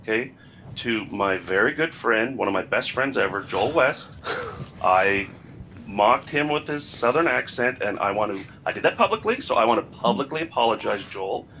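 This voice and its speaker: A man speaking as a guest on a podcast. His tone is bright and forceful, and he often stops and repeats words as he talks. A faint rumble sits in the background. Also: moderate pace, poor audio. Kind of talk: casual podcast chat.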